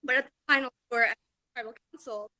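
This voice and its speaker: A woman's voice: fairly high pitch, steady tone, fast talker, pushed and bright, dry recording. A woman calling in to a live show, eagerly asking a long question. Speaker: caller.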